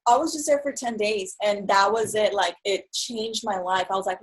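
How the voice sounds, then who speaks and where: A young woman in casual conversation, telling her story in an animated way and acting out what others said. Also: medium pitch, normal speed, few pauses, slightly rough, rough recording. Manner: animated storyteller, acts out quotes. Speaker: guest.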